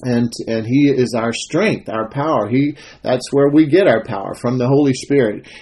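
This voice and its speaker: A man gives a loose, conversational devotional talk. His voice is husky and slightly breathy. He wanders through his story with frequent fillers and restarts before settling into scripture. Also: mid-range voice, normal speed, a little mellow. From Texas.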